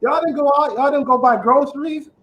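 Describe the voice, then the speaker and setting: A man with a very high voice and a lisp hosts a comedy show, delivering a raunchy, profanity-laced stand-up set. He laughs at his own punchlines, and faint noise hums behind him. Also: fairly quick, lo-fi sound. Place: house in Detroit.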